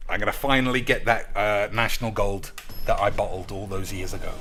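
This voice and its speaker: A young man ranting as a podcast host, loud and swaggering, with sudden shouts and crude jokes. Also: lowish voice, brisk, faint music behind. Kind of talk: crude comedic banter.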